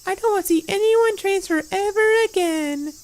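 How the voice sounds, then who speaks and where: The audio is poor, and the woman's voice sits at an extremely high pitch while moving at normal speed. It's fan voice acting from a game: an unsettling teen girl hunting down a terrified boy, her tone sweet, sing-songy, threatening and creepy-sweet.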